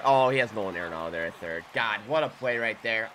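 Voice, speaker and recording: A young man giving live gameplay commentary, muttering to himself one moment and shouting in excitement the next. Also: mid-range voice, fairly quick, hardly any pauses. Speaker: gaming YouTuber.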